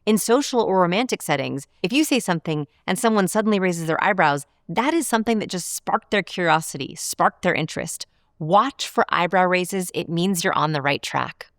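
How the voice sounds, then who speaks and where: A woman researcher teaches to camera in a clear, measured way, slowing down on the points she wants to land. Her voice sits a little low for a woman. The sound is close and dry, with no room around it. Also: expressive, no echo. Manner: clear, measured explainer who slows down to stress key points. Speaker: behavioral researcher. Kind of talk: instructional talk to camera. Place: studio.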